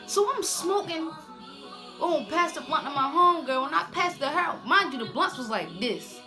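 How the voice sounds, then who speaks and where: Young woman telling a story, high voice, lots of slang and "boom". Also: expressive, normal speed, over music. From Baltimore. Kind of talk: casual storytime.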